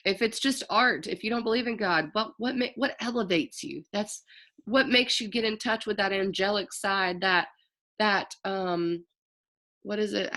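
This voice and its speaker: Woman, astrologer, casual forecast, gravelly edge, mid-pitched, rambling and self-correcting, slangy. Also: moderate pace, pushed and bright. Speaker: astrologer host.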